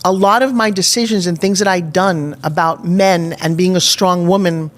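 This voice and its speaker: A middle-aged woman with a fairly low, steady voice speaks at a moderate pace. Appearing as a podcast guest in a Nashville studio, she tells a personal story candidly and emphatically, acting out her own past thoughts.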